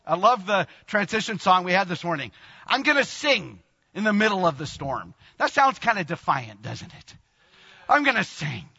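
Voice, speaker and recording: A man in his sixties preaching a sermon in a church, animated, laughing often and bursting into exclamations. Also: high-pitched, breathy edge. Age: 60s. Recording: long reverb, dull lo-fi sound.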